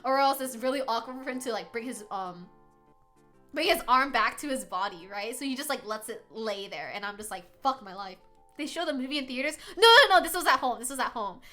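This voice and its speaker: A young adult woman streamer telling a story to her chat in a casual, animated way, laughing often and swearing freely. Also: a little high, fast, soft background music. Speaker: livestreamer.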